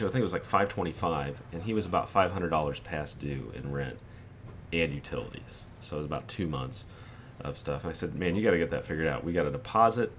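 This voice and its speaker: A man in his forties with a low-pitched voice hosts a gaming channel, acting out quotes as he tells a meandering personal story over the game. There's slight noise in the background.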